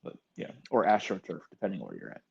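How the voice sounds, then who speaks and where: A man's voice: sits low, huge pitch swings, quick pace, creaky, darkish tone, slightly rough, dull audio. A man co-hosting a podcast in casual chat, wry and profane, often trailing off into mutters. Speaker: podcast co-host.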